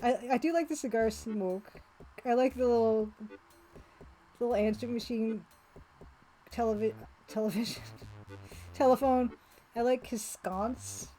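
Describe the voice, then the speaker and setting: A woman's voice: fairly high pitch, measured pace, long pauses, warm tone, soft background music, rough recording. A woman streamer chatting casually and laughing often as she plays a retro game, reading its text aloud. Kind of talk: casual live-stream chat while playing a retro game.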